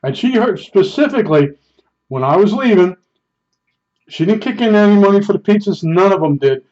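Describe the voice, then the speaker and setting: A man's voice: high-pitched, expressive, normal speed, darkish tone. A man telling stories in a casual, rambling, self-deprecating way, chuckling as he goes. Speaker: storyteller. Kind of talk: casual storytelling. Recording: dull lo-fi recording.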